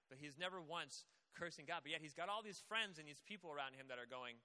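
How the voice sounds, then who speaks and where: Bright-voiced young pastor, echoing hall. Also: male voice, a little high, fast talker. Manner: conversational, acts out quoted voices. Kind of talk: casual sermon. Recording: long hall reverb.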